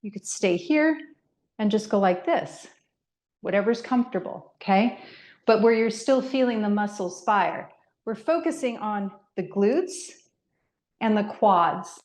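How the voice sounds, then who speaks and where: A woman's voice: mid-range voice, animated, a little slow, darkish tone. A middle-aged woman leading a guided workout class, counting reps and giving step-by-step movement cues. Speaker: fitness instructor. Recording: echoey room.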